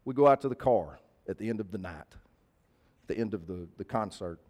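A man's voice: fairly low pitch, lively intonation, normal speed, a little mellow. A man preaching a sermon, telling a personal story in a conversational, emphatic way and repeating key phrases. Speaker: pastor.

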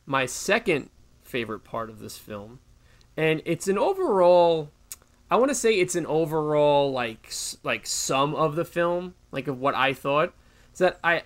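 A young man co-hosting a casual movie-review chat, relaxed and emphatic, laughing easily. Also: a little high, a little slow. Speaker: podcast co-host reviewing a movie.

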